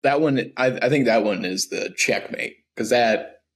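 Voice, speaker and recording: Male co-host, riffing and rambling, medium pitch, casual. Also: a little slow, a little hiss or hum. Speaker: podcast co-host. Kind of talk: casual comedic chat.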